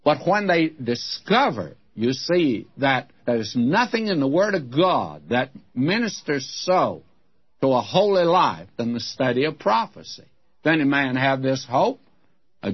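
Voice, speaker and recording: A man's voice: medium pitch, breathy edge. An older man teaching the Bible in a folksy, emphatic way, calling his listeners friends, on a dull old broadcast recording.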